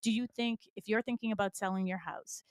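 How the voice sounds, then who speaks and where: A woman with a New England accent hosting a radio show, talking in a chatty, animated way with lots of examples. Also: mid-range voice, fairly quick, no room sound. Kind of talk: casual radio chat. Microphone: studio mic.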